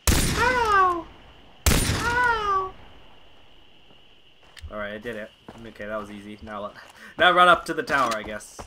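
A man's voice: on the low side, lively intonation, quick pace, heavy background noise. A young man casually commenting on a game, sarcastic and chatty, often exasperated. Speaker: let's play gamer. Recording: game music loud behind voice.

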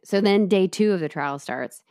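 A woman casually retelling a true-crime case to her co-host, chatty and lively, with asides. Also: mid-range voice, normal speed, clear, resonant tone. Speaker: podcast co-host telling the case.

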